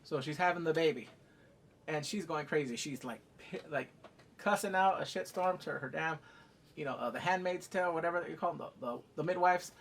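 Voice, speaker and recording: A man's voice: a little high, brisk, creaky, a little hiss or hum. A man giving a casual, profane recap of a TV episode. He acts out the scenes as he talks. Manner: animated, profane, acting out scenes. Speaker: TV show reviewer.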